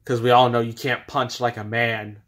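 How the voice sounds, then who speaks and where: A man doing a blunt male wrestler in a fan-made parody. He mocks and lectures his rival in a mid-pitched voice near his natural one. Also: little pitch movement, moderate pace, fairly bright tone, close to an everyday voice. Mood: mocking. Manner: mocking, lecturing put-downs. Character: defiant male pro wrestler, mocking and blunt.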